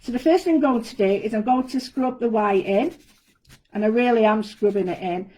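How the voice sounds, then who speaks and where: Speaking briskly from an indoor studio, a woman guest designer walks through a live craft demo step by step in a friendly, chatty manner. Her voice is a little high, warm, and mellow, and the recording is rough.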